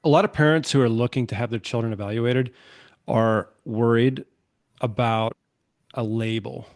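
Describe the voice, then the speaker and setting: Measured male interviewer. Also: mid-range voice, fairly even intonation, a little mellow. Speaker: host. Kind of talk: interview questions.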